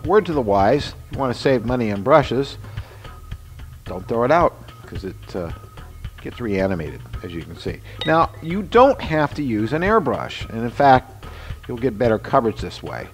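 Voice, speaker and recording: An older man in his sixties talks through his workshop projects in a relaxed, meandering way, with plenty of "uh"s and side remarks. His voice sits in an ordinary middle pitch. Soft music plays faintly behind him. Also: moderate pace. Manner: chatty, rambling explanations with many fillers and asides. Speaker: show host and special-effects mask maker. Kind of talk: casual workshop demonstration.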